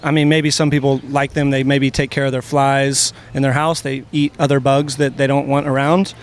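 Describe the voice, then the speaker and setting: A man's voice: medium pitch, flat delivery, moderate pace. A man in his twenties, answering questions on a city street, talking earnestly and rambling with lots of fillers. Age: 20s. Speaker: interviewee. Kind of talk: casual street interview.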